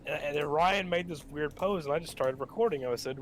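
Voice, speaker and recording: A man's voice: on the high side, fairly quick, slight background noise. A young man chatting casually with friends, joking and using crude banter. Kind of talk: casual chat among friends.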